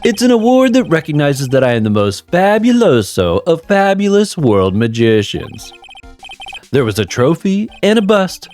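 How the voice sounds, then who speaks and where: A man's voice: fairly high pitch, big pitch swings, moderate pace, a little mellow, faint music behind. A man voicing a flamboyant, vain male star magician who drawls his lines in a showy, self-admiring way. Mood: smug flirty.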